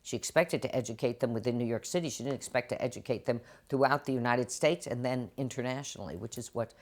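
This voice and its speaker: Older actress guest, deep low voice, expressive storyteller. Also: female voice, fast. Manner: animated, acts out quotes in different voices. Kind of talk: interview storytelling. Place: TV studio.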